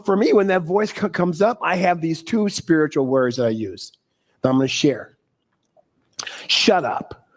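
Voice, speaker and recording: Animated high-voiced male preacher. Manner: animated, laughing often, preacherly emphasis. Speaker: spiritual speaker. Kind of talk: sermon.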